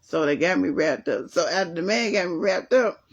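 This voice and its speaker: A woman hosting a casual livestream from home, chatting and reading viewer comments while telling a story in a lively way. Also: fairly low pitch, normal speed, lo-fi sound. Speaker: livestream host. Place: at home, resting with leg elevated.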